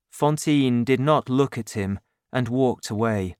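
A man narrating an audiobook chapter in a slow, clear and expressive way. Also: mid-range voice, dry recording, clean studio sound.

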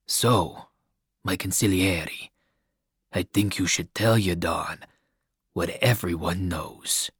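A man voicing an aging male crime boss who speaks in a slow, grave, measured way. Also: deep voice, a bit bright, slightly rough, no echo, clean studio sound, pitched below the performer's own voice, full character voice. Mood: grave, probing.

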